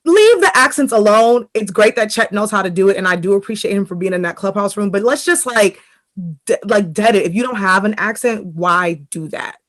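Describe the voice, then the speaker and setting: A woman co-host chats at a middle pitch, emphatic and opinionated. She keeps dropping "like" as she makes her case. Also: fairly quick. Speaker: podcast co-host. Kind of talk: casual chat.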